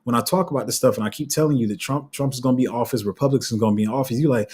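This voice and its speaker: Husky-voiced man ranting on a livestream. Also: medium pitch, very fast, few pauses, dark tone. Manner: passionate, heated ranting with many restarts. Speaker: crypto channel host. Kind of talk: casual livestream commentary.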